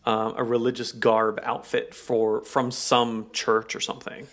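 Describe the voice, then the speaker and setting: A man's voice: medium pitch, completely flat delivery, a little slow, a bit bright. A man from America co-hosting a podcast, joking in casual chat and talking like he's on the radio. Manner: jokey, radio-like delivery. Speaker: podcast co-host.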